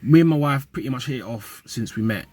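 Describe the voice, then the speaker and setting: Casting note: young man, husky mid-pitched voice, slangy and animated, vlogging straight to camera. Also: fast talker. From UK and Nigeria. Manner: animated, slangy street talk. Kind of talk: casual vlog monologue.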